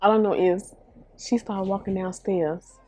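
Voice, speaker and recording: A woman in her twenties, from Chicago, telling a casual storytime vlog in a chatty, animated way, talking straight to her viewers. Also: medium pitch, unhurried. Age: 20s. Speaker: beauty vlogger.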